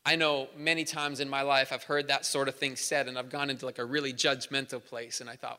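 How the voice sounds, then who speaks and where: A man's voice: medium pitch, little pitch movement, a little fast, few pauses. Earnest male pastor preaching in a hall. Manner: earnest, builds to emphatic repeated phrases. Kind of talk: sermon. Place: large church hall. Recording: live church hall reverb with soft instrumental music.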